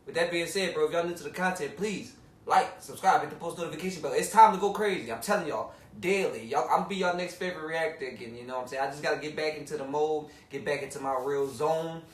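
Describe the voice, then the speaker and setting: A man hosting a reaction video in excitable street slang. His slightly high voice bounces around an echoey room, picked up from a distance. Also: quick pace, hardly any pauses. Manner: excitable, slangy, frequent exclamations. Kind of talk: hyped casual reaction commentary.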